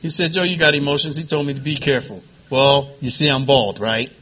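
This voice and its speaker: A middle-aged man from the Philadelphia area with a quivering voice, giving emotional personal testimony at a support group meeting, halting and repeating phrases. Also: mid-range voice, steady tone, pushed and bright. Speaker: recovery meeting speaker.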